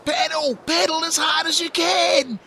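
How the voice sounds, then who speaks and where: A bold little girl in a children's story, acted by a man shouts commands in a high, lively voice. She is bossy and in charge. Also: unhurried, exaggerated voice.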